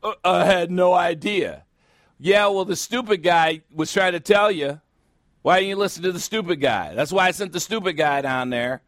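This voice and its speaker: A man preaching in a blunt, sarcastic way, tossing mocking asides at his listeners. His voice sits a bit higher than most men's. The sound is dry and close, with no room echo. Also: moderate pace, fairly bright tone. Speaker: pastor. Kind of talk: sermon.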